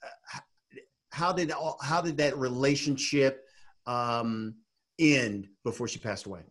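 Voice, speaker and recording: A man interviewing a guest, asking questions in a soft-spoken, affirming way. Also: medium pitch, steady tone, unhurried.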